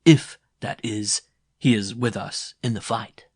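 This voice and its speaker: A man's voice: on the low side, fairly even intonation, takes it slowly, husky, dry recording, clean studio sound, full character voice. A male narrator voicing a cocky, pushy young warrior who speaks sharply and insistently.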